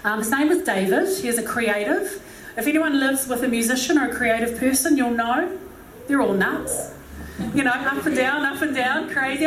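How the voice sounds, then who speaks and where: A woman's voice: on the high side, brisk, noisy background. A woman preaching a humorous sermon, chatty and joking with many asides, recorded from a distant mic in an echoey hall.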